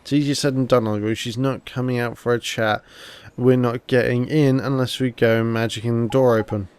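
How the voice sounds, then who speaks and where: A man's voice: mid-range voice, steady tone, normal speed, darkish tone, clear, resonant tone, lightly acted. A man doing a cocky slangy fairy sidekick. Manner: boastful, colloquial.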